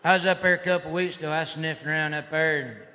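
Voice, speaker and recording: A man performing a stand-up routine in a rowdy redneck persona, drawling and shouting. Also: fairly high pitch, steady tone, fast talker. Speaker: stand-up comedian. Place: live comedy stage. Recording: live hall recording with crowd noise. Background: audience laughter and noise.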